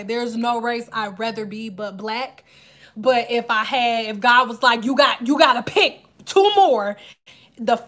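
A woman in her thirties chats and jokes directly with her viewers while doing her hair in a casual vlog. Her voice is a little high with a fairly bright tone.

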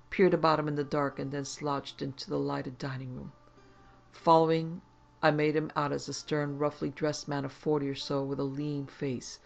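Horror narrator: man, raised pitch, gravelly texture, measured first-person storytelling.

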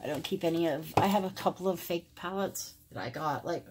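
A woman's voice: fairly low pitch, a little fast, darkish tone, a little hiss or hum. A middle-aged woman chatting casually to her viewers as she compares two makeup palettes, rambling with many fillers. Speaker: beauty vlogger. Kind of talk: casual makeup review to camera. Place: home filming room.

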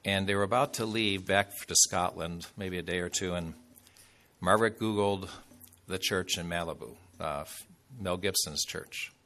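A man's voice: deep voice, normal speed, sharp tone. A man preaching a sermon as a bishop, telling a story in a loose, conversational way with fillers and asides.

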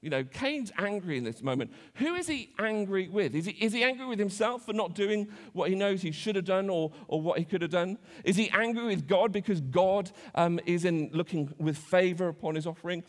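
A man's voice: high voice, lively intonation, a little fast, hardly any pauses. A man preaching a conversational sermon in church, with frequent restarts and self-deprecating asides. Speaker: pastor. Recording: church hall reverb.

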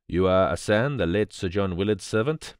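A man voicing a shrewd, fussy little male detective who speaks precisely and with a soft theatrical air. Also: deep voice, expressive, normal speed, clear, resonant tone, no room sound, studio quality. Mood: knowing.

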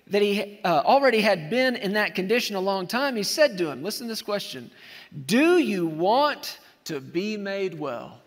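A man preaching an animated sermon to a church, acting out scenes from the story as he goes. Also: high voice. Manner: animated preaching, acts out scenes with shouted quotes. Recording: long hall reverb.

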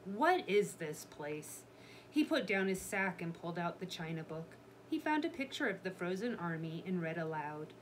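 A woman reading a children's chapter book aloud in a steady storytelling manner. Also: fairly low pitch, brisk, slight background noise. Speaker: reader.

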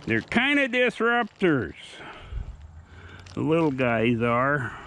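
A man's voice: medium pitch, very animated, slow pace, pushed and bright, slight background noise. A plainspoken, folksy man chatting casually outdoors while working with his dogs. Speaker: dog owner and trainer. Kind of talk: casual vlog chat.

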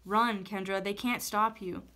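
A woman's voice: medium pitch, fairly even intonation, a little slow, pushed and bright. A woman voicing a shackled older grandfather in a storybook, urging with commanding calls. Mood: urgent. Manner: urgent, commanding.

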